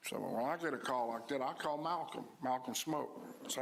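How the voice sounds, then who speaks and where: A man's voice: mid-range voice, vocal fry. A man addresses a public meeting as a commissioner. He tells stories in a plain, folksy way, often stopping and restarting his sentences. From Louisiana. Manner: storytelling, down-to-earth, halting restarts.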